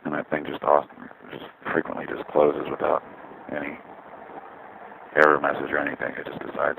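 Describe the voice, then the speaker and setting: A man's voice: rumbling low, monotone, normal speed, creaky, noisy background. A man ranting casually about things that don't work, swearing often in an exasperated way. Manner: profane, exasperated complaining. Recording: tinny lo-fi phone-like audio.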